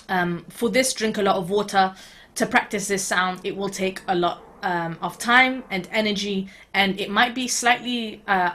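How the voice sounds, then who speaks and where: A woman's voice: mid-range voice, a bit bright. A woman teaching beatboxing in an online video lesson, talking casually with fillers in a reassuring, encouraging way.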